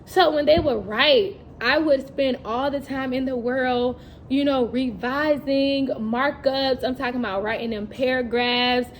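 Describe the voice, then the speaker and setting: A young woman talks in a chatty, animated vlog, laughing as she goes and acting out little scenes from her classroom. Her voice sits a bit high, and a faint hiss runs under it. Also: a little slow. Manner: animated, chatty storyteller who laughs often and acts out classroom moments. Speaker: teacher and vlogger. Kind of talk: casual vlog monologue.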